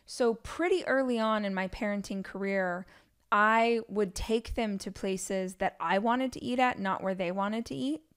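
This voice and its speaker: On her solo podcast, a woman in her forties talks candidly and chattily about family life, with plenty of asides. She has a medium-pitched, fairly bright, smooth voice and takes her time.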